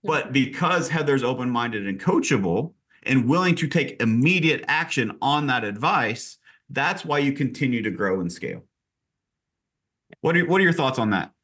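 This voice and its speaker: A man who leads a real estate team, telling stories in an energetic, direct and emphatic way during a podcast conversation. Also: mid-range voice, normal speed, slightly rough.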